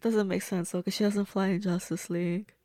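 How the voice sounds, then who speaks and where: A woman's voice: medium pitch, little pitch movement, a little fast, warm tone, no room sound, clean studio sound. A woman reacting to a movie as she watches it, gushing and blunt, talking back at the screen. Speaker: movie reviewer. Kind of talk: casual movie reaction commentary.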